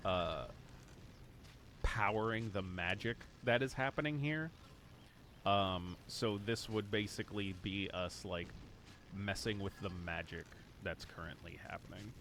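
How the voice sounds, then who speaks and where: A man's voice: on the low side, fairly bright tone, a little hiss or hum. A man streaming a video game, thinking aloud in a casual, rambling way with lots of fillers. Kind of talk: casual live-stream gameplay commentary.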